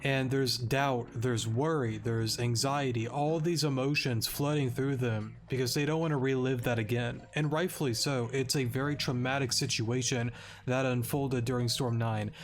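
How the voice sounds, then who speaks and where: A man's voice: mid-range voice, fairly even intonation, normal speed. A man recapping a game's story as a let's-play commentator, rambling and correcting himself with stammers. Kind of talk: casual game story recap.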